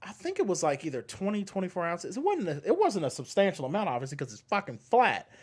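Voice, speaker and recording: Male podcast co-host, lively swinging pitch, loose profane chat, quick to laugh. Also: slightly rough. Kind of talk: casual chat.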